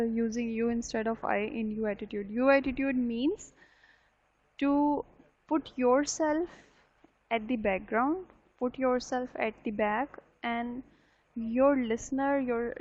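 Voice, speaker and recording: A woman's voice: on the high side, darkish tone. A woman teaching a live online English class, explaining points, repeating them and often checking with "right?". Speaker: university English lecturer. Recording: dull lo-fi online session audio.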